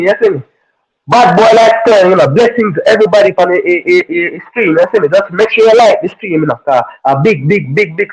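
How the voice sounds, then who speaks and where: A man with a Jamaican accent giving a loud, hyped shout-out on a live stream, repeating chanted phrases. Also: high voice, breathy edge, rough recording. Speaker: stream guest.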